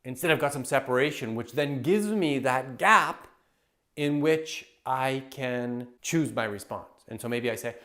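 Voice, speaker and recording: A man working as a happiness coach, giving an enthusiastic, animated teaching talk to camera and acting out everyday scenes. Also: mid-range voice, unhurried. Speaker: happiness coach and public speaker.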